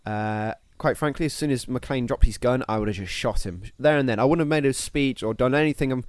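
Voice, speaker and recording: A man's voice: medium pitch, brisk, no echo. A man co-hosting a podcast, chatting casually in a rambling, jokey way. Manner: rambling, jokey, thinks aloud with fillers. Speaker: podcast co-host.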